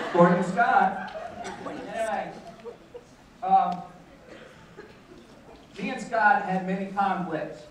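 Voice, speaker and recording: A man's voice: high-pitched, steady tone, slow, long pauses. An older man, a teacher, doing a mock-indignant stand-up comedy routine on a school auditorium stage, heard through a distant mic. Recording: echoey hall, distant mic.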